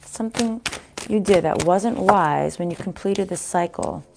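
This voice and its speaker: A woman giving a casual tarot reading to viewers, pausing to consult spirits aloud and often restarting her sentences. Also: lowish voice, gravelly, noisy background. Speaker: tarot card reader.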